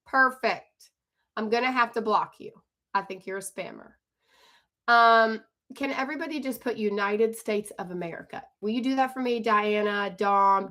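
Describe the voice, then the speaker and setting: A woman hosting a live stream as an online coach, talking fast and chatty and greeting viewers by name. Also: mid-range voice, fairly bright tone. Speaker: livestream host and online coach. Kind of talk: live stream chat and sales pitch.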